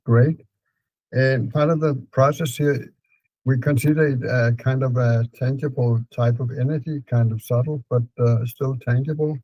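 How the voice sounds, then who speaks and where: A man with a Danish accent calmly guiding a client through a therapy session, repeating prompts slowly. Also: medium pitch, no echo, lo-fi sound. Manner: calm, repetitive prompting with fillers.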